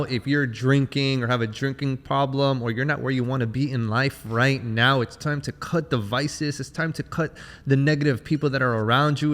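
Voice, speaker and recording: A man's voice: mid-range voice, fairly bright tone, long reverb tail. A man hosting an interview, enthusiastic and motivational, speaking straight to his listeners. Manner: enthusiastic, motivational, addresses the audience. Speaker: podcast host.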